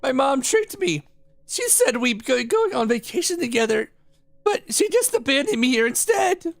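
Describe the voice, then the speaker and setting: A timid young boy who stammers and frets, as a man reads his lines aloud. The voice is pushed high and jumps around a lot, with some gravel underneath. It sounds dry and close to the mic. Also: big pitch swings, moderate pace, no room sound, heavily acted. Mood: upset. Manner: stammering, nervous. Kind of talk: voicing game dialogue on stream.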